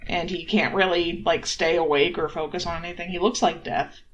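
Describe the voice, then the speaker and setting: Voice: medium pitch, fairly even intonation, moderate pace, a bit bright, highs cut off, slight background noise, lightly acted. A player voicing a worried, guilt-ridden elf adventurer in a tabletop game, rambling with many fillers. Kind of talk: in-character tabletop play.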